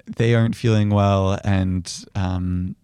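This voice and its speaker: A young man calmly teaching psychiatry interview skills, acting out gentle example phrases as he explains. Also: fairly low pitch, slow pace, clear, resonant tone, no echo. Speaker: psychiatry educator. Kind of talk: conversational teaching.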